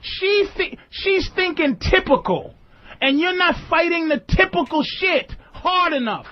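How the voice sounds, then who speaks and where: A man with a very high-pitched voice rants on a radio talk show, cursing and arguing hard with a caller. The broadcast sound is muffled and dull. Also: animated, a little slow. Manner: profane, ranting, argumentative.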